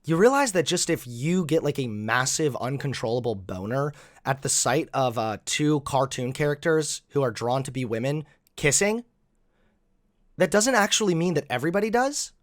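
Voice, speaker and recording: A man's voice: medium pitch, expressive, normal speed, no echo, studio quality. A man giving sarcastic, exasperated commentary while reacting to clips.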